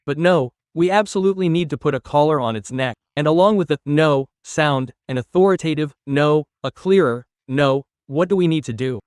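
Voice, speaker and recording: Guy from turkey doing a dog training lesson, talks straight to viewers, bit high pitched, firm with the dog. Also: moderate pace, hardly any pauses, a little mellow, clean tone, no room sound, clean studio sound. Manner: earnest, addresses the viewers directly, gives firm commands to a dog. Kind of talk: instructional video talking to viewers.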